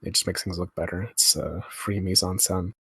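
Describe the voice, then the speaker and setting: A man's voice: sits low, steady tone, moderate pace, creaky, fairly bright tone, husky. A young man giving casual, laid-back movie commentary, musing aloud and swearing freely. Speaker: film commentary host.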